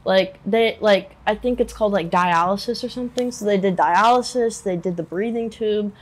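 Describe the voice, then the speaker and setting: A young adult woman in a candid interview, talking in a halting, emotional way and using "like" a lot. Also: mid-range voice. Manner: halting and emotional, many filler "like"s.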